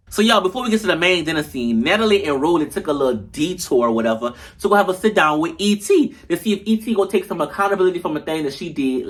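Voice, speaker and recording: A man doing a casual recap of a reality show, animated and slangy, talking to his viewers. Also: high voice. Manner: animated, slangy and profane, addresses viewers as y'all. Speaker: show reviewer.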